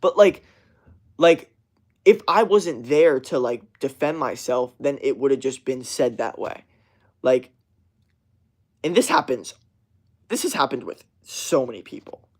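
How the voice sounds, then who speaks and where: A man's voice: medium pitch, very animated, a little slow. A young man streaming a casual rant to his chat, swearing constantly and rambling with many fillers and restarts.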